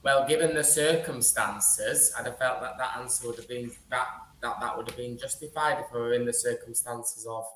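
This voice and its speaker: A man chatting as a guest, halting and repeating himself as he thinks aloud. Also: mid-range voice, fairly bright tone, slight background noise. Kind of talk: casual chat. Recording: roomy echo, faint ambience.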